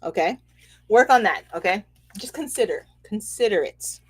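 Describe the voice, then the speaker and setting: A woman giving a casual, animated spiritual reading, chatty and quick to laugh, checking in with "okay?" often. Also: mid-range voice, breathy edge. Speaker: spiritual reader and host.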